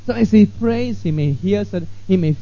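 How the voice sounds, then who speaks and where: A man's voice: sits high, expressive, fairly quick, no room sound. Man teaching Bible class, dull lo-fi sound. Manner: conversational, often checks in with "right?". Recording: dull lo-fi recording.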